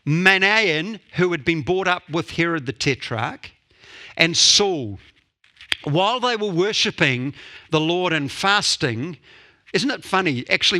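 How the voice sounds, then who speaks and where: A man preaching a sermon as pastor, storytelling with playful jokes and quick asides. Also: on the high side, pushed and bright.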